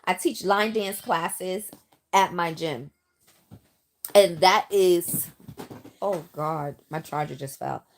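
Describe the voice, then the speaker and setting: A woman's voice: lowish voice, takes it slowly, long pauses. An older woman, chatting on a live stream, reading out viewer comments with lots of ums. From New York City. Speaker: live streamer, line dance teacher. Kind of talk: casual live-stream chat. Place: home in South Carolina. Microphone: phone or handheld mic.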